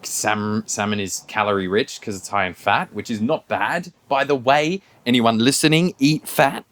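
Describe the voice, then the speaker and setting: A man's voice: medium pitch, moderate pace, fairly bright tone. Aussie guy on a podcast telling a story, does the voices of people in it, laughs a lot. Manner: storytelling, acts out quoted people, laughs often. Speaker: podcast co-host. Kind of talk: casual chat.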